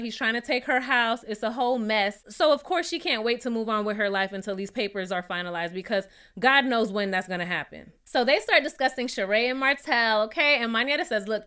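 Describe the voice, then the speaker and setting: A woman giving casual, gossipy commentary on a reality TV episode, sassy and quick to laugh. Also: on the high side, sharp tone, clean tone. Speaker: reality TV reviewer.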